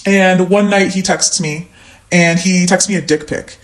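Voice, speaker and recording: A woman from the American Midwest, a podcast guest telling a candid personal story and acting out the lines of others with sudden jumps in pitch. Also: a little slow, reverberant, a little hiss or hum, poor audio. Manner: animated, acts out quoted lines with big pitch jumps.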